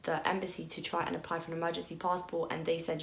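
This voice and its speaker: A woman's voice: lowish voice, monotone, fast, gravelly. A young woman telling a personal story on her vlog, candid and emotional, peppered with "like" and the odd swear. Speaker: vlogger. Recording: echoey room.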